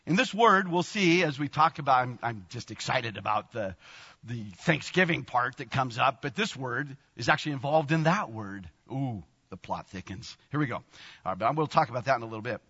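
Excitable sixty-year-old preacher, echoing hall. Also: male voice, medium pitch, brisk, breathy edge. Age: 60s. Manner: animated, laughing often, exclamatory bursts. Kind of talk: sermon. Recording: long reverb, dull lo-fi sound.

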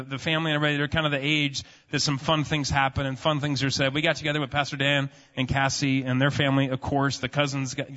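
A man in his thirties with a fairly high, sharp-toned voice preaches in a church sanctuary. He tells family stories casually and meanderingly, with lots of filler words. The audio sounds muffled, with a long hall reverb.

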